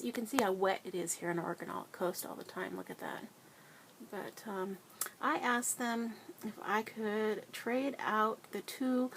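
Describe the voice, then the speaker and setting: A woman giving a casual tour of her small backyard greenhouse, chatty and proud, with soft whispered asides. She is a little out of breath. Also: mid-range voice, slight background noise. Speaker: home gardener giving a tour.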